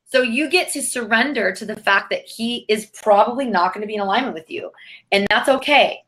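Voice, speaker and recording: A woman's voice: a little high, fairly quick, bright, forceful tone. Woman, motivational guest; emphatic, preachy delivery with casual swearing. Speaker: guest coach. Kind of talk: motivational interview talk.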